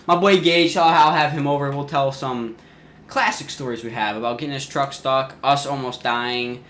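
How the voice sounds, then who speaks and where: A teenage boy vlogger telling a casual story-time tale in an animated way, often restarting his sentences. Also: mid-range voice, normal speed, a little hiss or hum. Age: teens. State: sweating in the heat.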